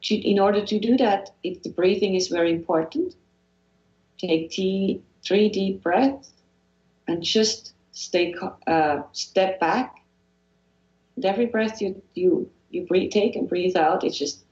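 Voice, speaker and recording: A Swiss-accented woman with a fairly low voice speaks as a guest in an interview, earnest and encouraging. She often restarts her sentences and repeats phrases. The recording is dull and lo-fi with a roomy echo. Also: unhurried, darkish tone. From Switzerland. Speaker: guest, hypnotherapist. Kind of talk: motivational interview talk.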